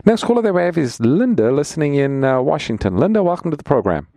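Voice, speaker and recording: A male co-host pastor on a call-in radio show, moving briskly between callers and announcements. His voice is gravelly and dark, with lively pitch swings, and it is heard dry and close to the mic. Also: dry recording. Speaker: co-host pastor taking calls.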